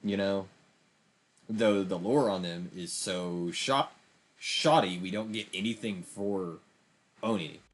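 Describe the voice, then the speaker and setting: A young man with a low voice streams a game, speaking slowly while he rambles through emphatic, casual commentary and keeps restarting his sentences.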